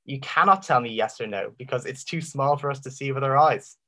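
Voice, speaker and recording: A man giving an impassioned Christian apologetics talk, full of rhetorical questions and dramatic pauses. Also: medium pitch, sharp tone. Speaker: Christian speaker.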